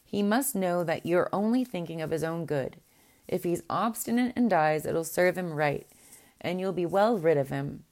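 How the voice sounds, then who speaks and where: A woman's voice: on the low side, normal speed, darkish tone, close to an everyday voice. A woman voicing a group of stern, smug elder princess sisters in a storybook reading, speaking firmly and dismissively.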